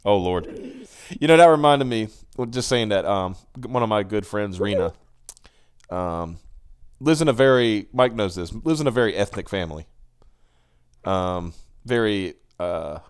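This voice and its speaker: A man's voice: lowish voice, expressive, moderate pace, clear, resonant tone. A man hosting a casual live stream, rambling through stories with frequent laughter and restarts. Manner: rambling storyteller, laughs often, restarts sentences. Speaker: podcast host.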